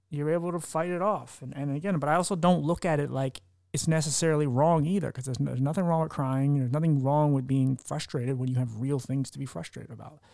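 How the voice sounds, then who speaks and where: A young man hosting a podcast, talking candidly about his own life. He rambles, swears casually and acts out quotes in a higher voice. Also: dark tone, no room sound, clean studio sound. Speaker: podcast host. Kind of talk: candid conversational interview.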